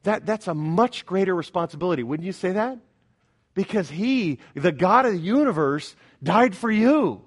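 A man preaching a Sunday sermon as pastor, emphatic, swinging between loud declarations and hushed prayerful passages, often asking the congregation questions. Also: sits high, lively intonation, normal speed, slightly rough.

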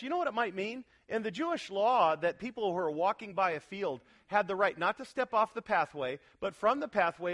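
A male pastor preaching an expository sermon in an animated, emphatic way, putting questions to his congregation. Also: high-pitched.

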